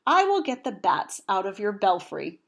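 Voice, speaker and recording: A woman voicing a kind, welcoming lady of the house in a storybook read-aloud, friendly and bright. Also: mid-range voice, sing-song, moderate pace.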